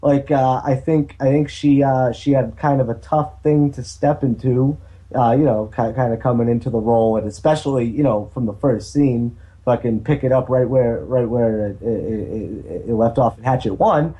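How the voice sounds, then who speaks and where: A man's voice: mid-range voice, moderate pace, warm tone. A man co-hosting a podcast, rambling hesitantly about a film's actress and swearing casually. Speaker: podcast co-host. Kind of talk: casual movie review chat.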